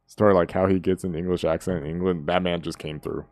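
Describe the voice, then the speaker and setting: A man hosting a music reaction and chatting casually. He is excitable, laughs often, and acts out quotes in slangy speech. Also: deep voice, fast talker, no room sound.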